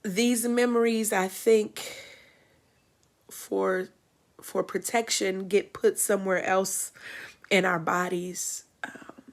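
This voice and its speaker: A woman's voice: medium pitch, steady tone, slow. A middle-aged woman hosting a livestream, telling a personal story in a reflective way that builds to emphatic testimony. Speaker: host.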